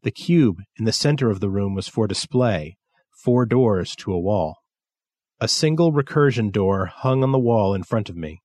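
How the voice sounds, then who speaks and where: Low-voiced male story narrator. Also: no echo, clean studio sound. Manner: measured, steady storytelling. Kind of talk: scripted narration.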